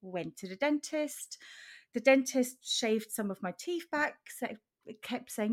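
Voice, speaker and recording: A woman's voice: on the high side, expressive, unhurried. A woman from Switzerland co-hosting a podcast, chatting casually and telling her story with frequent laughs. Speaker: podcast co-host. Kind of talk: casual chat.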